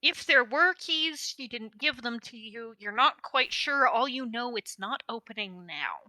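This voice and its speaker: A woman running a tabletop role-playing game as game master, explaining rules and outcomes in a measured, wry way. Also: a little high, animated, sharp tone, no room sound, low-quality recording.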